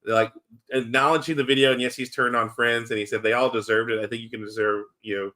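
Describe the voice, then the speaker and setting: A man's voice: medium pitch, flat delivery, quick pace, bright, forceful tone. A man co-hosting a casual wrestling podcast, rambling with many fillers and restarts. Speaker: podcast co-host.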